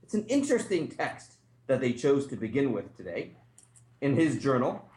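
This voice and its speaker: A man, a rabbi, teaching a class in a relaxed, conversational way with frequent asides. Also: medium pitch, moderate pace. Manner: conversational, thinks aloud, many asides. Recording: echoey room.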